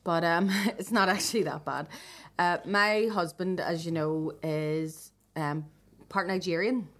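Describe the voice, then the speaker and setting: A woman's voice: fairly low pitch, steady tone, a little slow, a bit bright. A woman hosting a podcast, telling a story in casual chat, laughing often and swearing freely. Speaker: podcast host.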